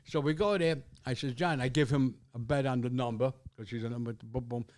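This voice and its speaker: A man's voice: mid-range voice, fairly even intonation, brisk, darkish tone. An older man, telling a rambling, profane story as a guest in casual chat, repeating words as he goes.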